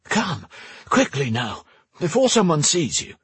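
A man voicing a fussy, nervous old male mage who talks gruffly with sudden sharp outbursts. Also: on the high side, wildly swooping pitch, takes it slowly, no room sound, pitched above the performer's own voice, heavily acted. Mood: agitated.

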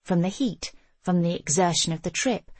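An older woman narrating a memoir audiobook in a measured, intimate first-person voice. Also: lowish voice, a little mellow, breathy edge, no echo.

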